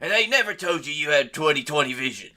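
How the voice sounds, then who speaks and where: A man co-hosting a comedy podcast, pitching ideas in a laid-back way with some swearing. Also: animated, fast talker, bright, forceful tone. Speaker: podcast co-host.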